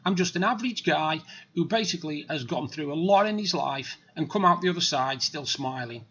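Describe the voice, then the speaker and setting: A man's voice: fairly high pitch, lively intonation, fairly quick, fairly bright tone, husky, highs cut off. A middle-aged man telling stories in a plain-spoken, rambling, blunt way. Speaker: vlogger. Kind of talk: casual storytelling monologue.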